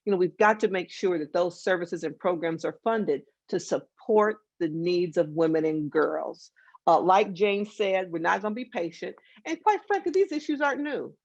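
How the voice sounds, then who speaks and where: A woman's voice: on the low side, animated, normal speed, darkish tone, no echo. A woman panelist speaking emphatically and plainly, with a wry edge, over a video call. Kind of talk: conversational panel discussion. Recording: dull lo-fi video call audio.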